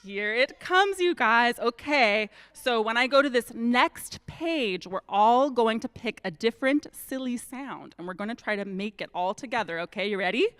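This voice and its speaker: A woman minister reading a silly story to children during a church service, playful and expressive. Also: on the high side, moderate pace, hardly any pauses, clear, resonant tone. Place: church sanctuary. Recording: long reverb of a large hall.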